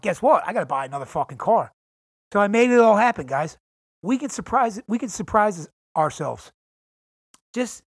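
A man's voice: high voice, a bit bright, no room sound, clean studio sound. A man talking alone on his podcast, hyped and profane, calling his listeners "guys" again and again. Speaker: podcast host. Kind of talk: casual solo podcast monologue. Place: home in San Diego.

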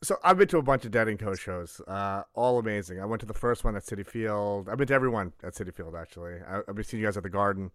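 A man's voice: fairly low pitch, lively intonation, fast talker, hardly any pauses, fairly bright tone, no echo, studio quality. A man hosting a podcast, asking long, rambling questions full of fillers. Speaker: podcast host. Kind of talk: casual interview.

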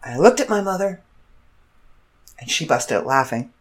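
A woman podcast host telling a funny personal story in a casual monologue, animated and often laughing. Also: extremely low pitch, normal speed.

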